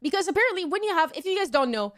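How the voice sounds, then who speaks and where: Young woman streamer rambling a story to chat, high voice, jumps way up to squeaky when she quotes people. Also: sing-song, racing, fairly bright tone.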